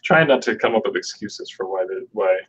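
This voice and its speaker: A man hosting a casual online hangout, rambling and halting with lots of fillers. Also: deep voice, animated, fairly bright tone, slightly rough. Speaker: host. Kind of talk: casual chat. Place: online video call. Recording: dull lo-fi audio.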